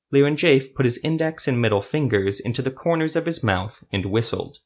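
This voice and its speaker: A man narrating a fan fantasy story in a steady, even reading. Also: mid-range voice, a little fast, hardly any pauses.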